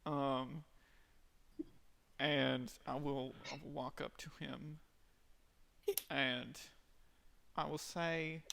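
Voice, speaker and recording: A man playing a tabletop game, talking in a halting way with many fillers. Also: mid-range voice, level tone, gravelly, a bit bright, slight background noise. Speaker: player. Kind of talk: casual tabletop game play.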